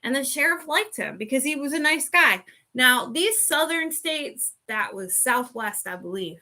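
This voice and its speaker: A woman podcast host who chats loosely and wanders off topic. Her voice sits a little high and sounds bright and sharp. She talks at an unhurried, drawn-out pace. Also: animated. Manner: rambling, chatty, sidetracked. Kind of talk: casual chat.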